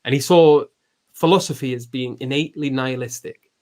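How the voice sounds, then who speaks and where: A man's voice: mid-range voice, fairly quick, darkish tone. A man hosting a podcast, explaining philosophy in a loose, thinking-aloud way with many restarts and fillers. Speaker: podcast host. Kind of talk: casual philosophical discussion.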